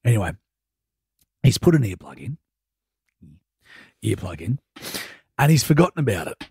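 A man's voice: medium pitch, big pitch swings, quick pace, a little mellow, breathy edge, dry recording, clean studio sound. A man hosting drive-time radio, bantering and teasing his co-hosts. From Australia. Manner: teasing, playful. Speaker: radio host. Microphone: studio microphone.

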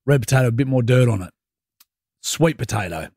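A man's voice: mid-range voice, animated, fairly quick, darkish tone, husky, dry recording, clean studio sound. A man hosting drive-time radio, bantering and teasing his co-hosts. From Australia. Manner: teasing, playful. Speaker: radio host. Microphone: studio microphone.

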